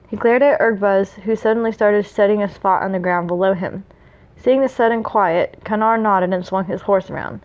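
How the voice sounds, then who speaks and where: A woman's voice: mid-range voice, normal speed, darkish tone, lo-fi sound. A woman reading fan fiction aloud, with small slips and asides. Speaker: reader.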